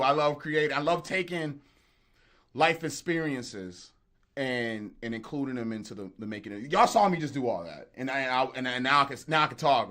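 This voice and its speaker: A man making beats on a livestream, chatting casually and joking with viewers in the chat. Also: mid-range voice. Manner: animated, joking, talks straight to the chat. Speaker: beat producer streaming live.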